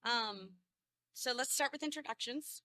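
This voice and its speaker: A woman's voice: a little high, measured pace, pushed and bright, no echo. A woman in her thirties who is losing her voice, hosting a casual panel in a convention room, chatty and laughing often. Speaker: cosplay guest panelist.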